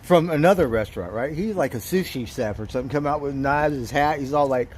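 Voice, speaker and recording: A man's voice: on the high side, brisk, hardly any pauses, slight background noise. A man livestreaming outdoors, telling a story in a casual, profane way, chuckling as he goes. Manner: profane, chuckling, animated retelling.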